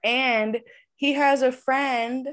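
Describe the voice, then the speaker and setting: Brief: bubbly woman podcast host on a video call, bright higher voice, unhurried delivery, laughs a lot. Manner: giggly, animated, laughs often. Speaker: podcast co-host and tarot reader. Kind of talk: casual chat.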